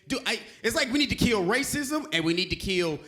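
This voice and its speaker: A young man from Alabama performing a stand-up comedy set on stage, shouting and singing his punchlines. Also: brisk. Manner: animated, shouts and sings punchlines, high squeaky acted quotes.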